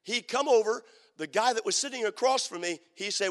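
A man preaching a sermon as a story, turning dramatically from loud to hushed. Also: sits high, fairly quick. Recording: long reverb of a large hall.

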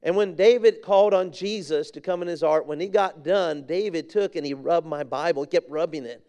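A man's voice: fairly high pitch, fairly quick, mellow, clear, resonant tone. A man preaching a sermon with fervor, repeating phrases for emphasis and reading scripture in King James wording. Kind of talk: sermon with a personal story.

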